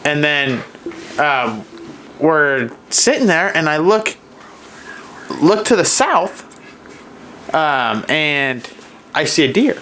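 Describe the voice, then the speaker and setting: A man's voice: fairly high pitch, slow pace, pauses often, slight background noise. A man co-hosting a podcast, casually retelling a deer hunt and acting out what the deer were thinking. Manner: animated storyteller, acts out deer thoughts. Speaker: podcast co-host. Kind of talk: casual hunting story chat.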